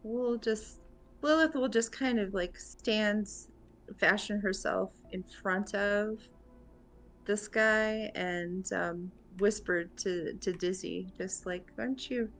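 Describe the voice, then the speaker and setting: A woman takes her turn as a player in a tabletop game. She speaks slowly and hesitantly, thinking aloud before she commits. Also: mid-range voice, fairly even intonation, slight background noise. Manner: thoughtful, hesitant, slow. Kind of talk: tabletop role-play.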